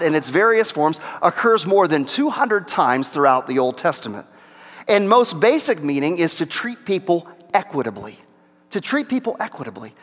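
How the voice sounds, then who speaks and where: High-voiced pastor in a reverberant hall. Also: male voice, fairly bright tone. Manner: conversational, repeats key phrases for emphasis. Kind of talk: teaching sermon. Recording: long reverb of a large hall.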